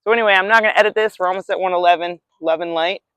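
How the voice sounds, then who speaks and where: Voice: medium pitch, steady tone, very fast, a bit bright, smooth, no room sound. A spiritual vlogger musing casually at a beach, rambling and reflective, with the odd swear word.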